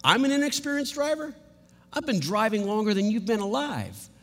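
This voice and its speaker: Man doing an offended veteran racing champ, high-pitched and boastful, echoing hall. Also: big pitch swings, slow pace, full character voice. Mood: indignant. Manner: huffy, boastful outbursts. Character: indignant veteran male race car champion. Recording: long hall reverb.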